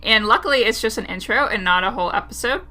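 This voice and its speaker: A woman's voice: fairly high pitch, fast, bright, forceful tone, soft background music. A woman co-hosting a casual podcast chat, laughing often and talking in loose, hedging run-on sentences. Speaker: podcast co-host.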